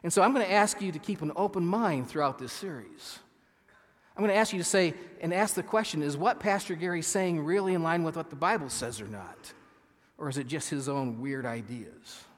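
A man preaching a sermon as pastor, earnest and halting, with frequent restarts, reading scripture slowly with emphasis. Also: fairly high pitch. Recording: long hall reverb.

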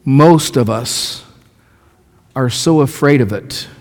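A man's voice: medium pitch, slow, gravelly. A male pastor delivering a sermon, asking the congregation questions and telling stories with quoted lines. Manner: asks the congregation questions, lively storytelling with acted quotes. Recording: long hall reverb.

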